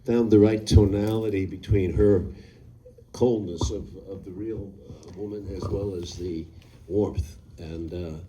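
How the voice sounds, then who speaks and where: A film director talking at a live Q&A in a cinema, halting and full of fillers and restarts. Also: male voice, deep voice, steady tone, dark tone, far from the mic, a little hiss or hum, rough recording. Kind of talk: on-stage Q&A.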